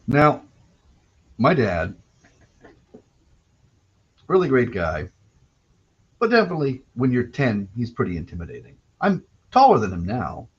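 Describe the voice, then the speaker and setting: A man's voice: medium pitch, wildly swooping pitch, unhurried, pauses often, slightly rough. A man from Canada hosting a solo podcast, telling rambling, digressive anecdotes with wry self-corrections. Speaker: podcast host. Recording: dull lo-fi recording.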